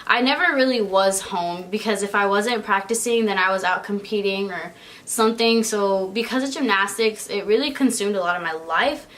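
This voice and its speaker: A woman's voice: medium pitch, moderate pace, fairly bright tone. A young woman talks straight to her viewers in an easygoing vlog. She rambles in a chatty way, laughs easily and leans on fillers like "like" and "um". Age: young adult. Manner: chatty and giggly, with frequent "like" and "um". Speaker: vlogger. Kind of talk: casual chat.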